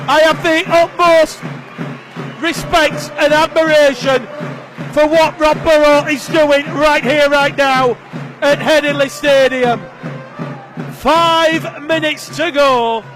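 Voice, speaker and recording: A very high-pitched man commentates on rugby league, stretching his words out slowly and climbing to shouts when play breaks open. A stadium crowd rumbles behind him, over faint background noise. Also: music in the background. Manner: excitable, rising to shouts on big plays. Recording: broadcast with crowd and ambient noise.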